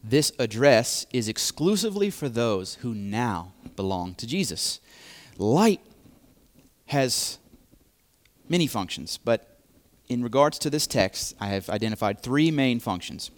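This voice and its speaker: A man preaching a sermon, speaking deliberately and repeating key phrases for emphasis. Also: mid-range voice, big pitch swings.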